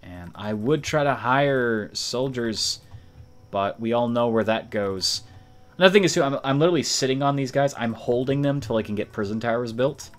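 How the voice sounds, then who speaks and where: A man's voice: mid-range voice, normal speed. A man giving casual live commentary on a game he plays, playful and teasing toward enemies, talking from a room at home. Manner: playful, taunts enemies, chuckles. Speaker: streamer. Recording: noisy, keyboard typing audible.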